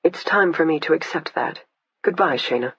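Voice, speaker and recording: A man voicing a measured, clinical woman. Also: fairly high pitch, animated, a bit bright, slightly rough, dry recording, heavily acted. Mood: resolved. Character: calm, composed woman who feels no pain. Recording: dull lo-fi, dry.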